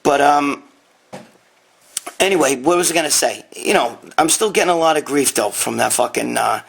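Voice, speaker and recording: A man's voice: medium pitch, moderate pace, creaky, a bit bright, slightly rough. A man hosting a casual live Q&A from his dining room, talking bluntly and profanely into a handheld phone. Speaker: host.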